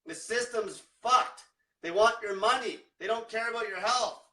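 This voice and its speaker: A man's voice: high voice, normal speed, sharp tone, far from the mic. A man coaching viewers in a blunt, combative rant full of swearing. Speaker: diet coach. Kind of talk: profane motivational rant. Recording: echoey room, off-mic.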